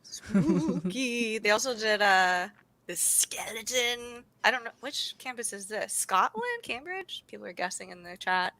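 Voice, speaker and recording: A woman's voice: medium pitch, expressive, a little fast, gravelly, few pauses, pushed and bright, dry recording, rough recording. A young American woman co-hosting a casual livestream, bubbly, laughing often and exclaiming as she chats. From United States. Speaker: co-host.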